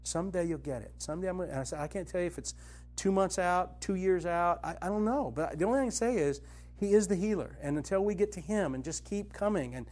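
Fast and with lively intonation, a middle-aged Christian teacher and author delivers a conversational spiritual teaching. Earnestly relating personal stories, he drops his voice soft and low, then brings it up with conviction.

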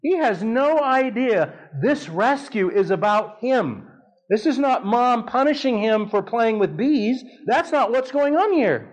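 A man in his fifties preaching a sermon, telling a family story with animated delivery and leaps of voice for dramatic quotes. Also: very high voice, a little slow, poor audio.

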